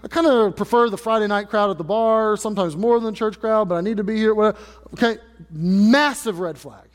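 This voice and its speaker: A male pastor preaching a sermon, earnest and emphatic, building intensity through repeated phrases. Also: high-pitched. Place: church sanctuary. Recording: church hall reverb.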